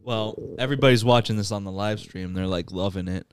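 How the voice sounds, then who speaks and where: A man's voice: fairly low pitch, brisk, clear, resonant tone, no room sound. A man hosting a podcast, retelling a movie plot in casual chat, laughing often and acting out the characters' lines. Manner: laughs often while recounting, acts out quoted lines. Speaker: podcast host.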